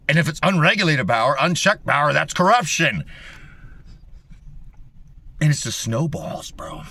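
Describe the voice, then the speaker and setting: A man ranting heatedly to camera, swearing constantly, repeating himself and swinging between loud bursts and low mutters. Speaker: video host. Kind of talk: heated profane rant.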